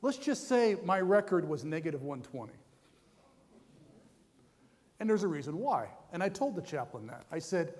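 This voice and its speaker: A man's voice: on the high side, big pitch swings, normal speed, long pauses, darkish tone. A man telling a personal testimony to students in a conversational, self-deprecating way, in a large chapel hall. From United States. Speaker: guest speaker. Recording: long hall reverb.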